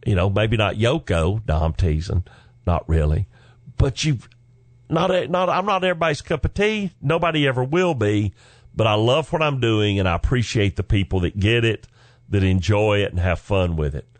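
A man's voice: fairly low pitch, normal speed, no echo. A middle-aged man, a comedian and former pastor, telling stories in a folksy, joking way with asides to the listener. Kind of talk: storytelling talk.

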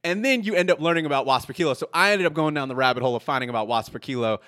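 Animated, swearing male podcast host. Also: a little high, racing. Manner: animated storyteller, swears freely. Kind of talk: casual podcast chat.

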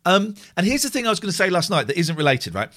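Lively middle-aged streamer, pitch swinging widely, chatty storyteller. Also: male voice, fast. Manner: animated, chatty, with many restarts. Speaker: live stream host. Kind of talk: casual chat and storytelling on a live stream.

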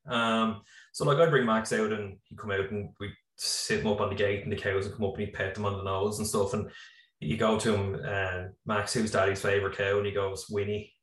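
Speaking a little fast in a voice on the low side, this Irish man in his thirties rambles easily with lots of fillers. He farms and founded a business, and his video-call computer mic sits a bit far off in an echoey room.

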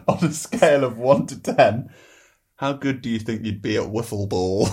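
A woman reading out quickfire quiz questions on a podcast, brisk and stifling laughs. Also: a bass voice, a little mellow, breathy edge. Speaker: quiz master.

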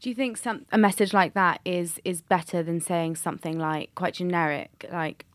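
A woman hosting a podcast, measured and thoughtful, with soft fillers. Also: fairly low pitch, steady tone, no echo. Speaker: podcast host. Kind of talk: casual chat.

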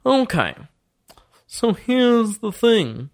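Casting: boastful ancient male ruler, played by a man, high, pompous and theatrical. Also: very animated, very slow, vocal fry, no echo, heavily acted. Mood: scheming.

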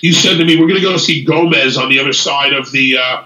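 A man hosting a casual chat, telling an animated story, swearing freely and acting out what people said. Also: mid-range voice, fast. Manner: animated, swears freely, retells scenes in quoted speech. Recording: echoey room.

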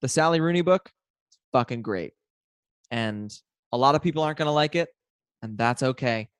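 A man's voice: medium pitch, moderate pace, clean tone, dry recording. Podcast co-host, male, eager and chatty, dry close recording. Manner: enthusiastic, trailing restarts. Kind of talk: casual chat.

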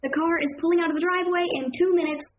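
Actress as a brisk mom, very high voice, dull lo-fi sound. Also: female voice, steady tone, slight background noise. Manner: brisk, hurrying. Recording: dull lo-fi recording.

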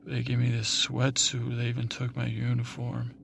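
A man's voice: medium pitch, completely flat delivery, normal speed, creaky, fairly bright tone, a little hiss or hum. A man voicing a glum 1970s disco superhero who mopes and sighs with laid-back slang.

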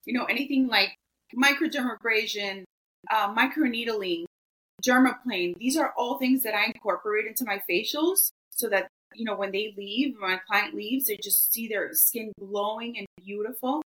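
A woman's voice: a little high, moderate pace, fairly bright tone, rough recording. A woman guest in an interview, talking earnestly with many "you know" fillers. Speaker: guest, esthetician. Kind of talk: interview answers, storytelling.

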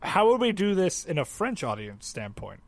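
A man's voice: high voice, sing-song, normal speed, vocal fry. A young man co-hosting a podcast in casual chat, playful and mock-indignant, asking lots of questions. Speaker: podcast co-host.

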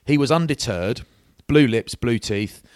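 A man's voice: medium pitch, a little slow, clear, resonant tone, no room sound, clean studio sound. A middle-aged man telling an anecdote in a casual chat, peppering it with "mate". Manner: lively storyteller, says mate a lot.

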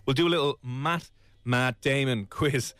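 A man's voice: mid-range voice, a little slow, clear, resonant tone, no room sound. A man, hosting a playful casual chat on radio. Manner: playful, lively, trails off into jokes. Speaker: radio host.

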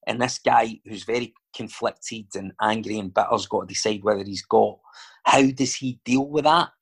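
A man's voice: fairly low pitch, normal speed, gravelly, husky. A Scottish man chatting casually as a guest, telling stories and wandering off into digressions with lots of fillers. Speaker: actor and filmmaker guest. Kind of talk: casual chat.

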